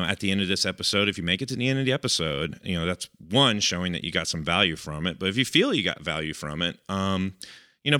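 Male podcast co-host, low voice, sharp tone, chatty and filler-heavy. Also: smooth, no echo, clean studio sound. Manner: rambling, filler-heavy, chuckling. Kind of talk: casual podcast chat.

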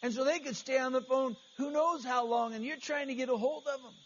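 A man's voice: very high voice, fairly even intonation, brisk. A man preaching an earnest, conversational sermon as pastor, often restarting his phrases. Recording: slightly dull, faint hiss.

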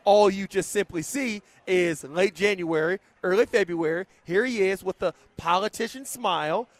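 A man, a former football player, making his points on a sports talk show with emphatic, drawn-out explanations. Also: sits high, no echo.

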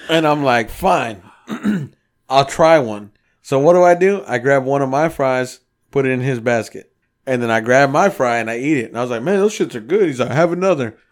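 Here a man with a mid-range voice at normal speed shares a story on a casual podcast. The co-host swears without restraint and animatedly acts out the quoted dialogue.

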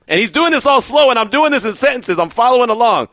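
A man hosting a sports radio talk show, telling stories in an animated way and often repeating words as he goes. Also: very high voice, quick pace, few pauses, dry recording.

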